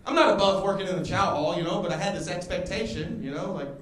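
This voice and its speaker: A man in his thirties doing a stand-up comedy set, telling stories and acting out other people with loud exclamations. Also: high voice, fast. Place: comedy club stage before a laughing crowd. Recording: roomy club sound with audience noise.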